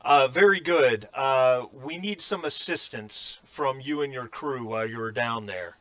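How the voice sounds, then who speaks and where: A man voicing a polite, businesslike female space station officer over the comms, with halting fillers. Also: mid-range voice, a bit bright, no echo, natural voice. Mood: formal.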